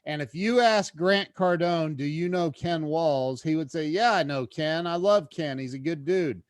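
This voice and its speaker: A man as a podcast guest, telling a personal story in a casual, animated way, restarting phrases and getting louder when excited. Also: on the high side, measured pace, dry recording, clean studio sound.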